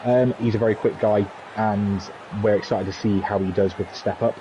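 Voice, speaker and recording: A man's voice: lowish voice, fairly even intonation, a little fast. A man hosting a racing league stream, chatting and joking as he announces the team draw. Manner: chatty, joking, rambling with fillers. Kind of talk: live stream chat commentary. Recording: dull lo-fi stream mic, faint noise.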